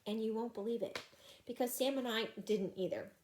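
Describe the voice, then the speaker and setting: A woman reading a children's chapter book aloud in an expressive, animated way. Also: a little high, fairly quick, slight background noise. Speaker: reader.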